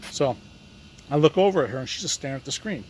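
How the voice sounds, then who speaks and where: A man's voice: a little high, lively intonation, quick pace, darkish tone, a little hiss or hum. A man in a casual vlog, telling a rambling, frustrated story about a medical appointment and acting out both sides of each conversation. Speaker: vlogger recounting a medical appointment.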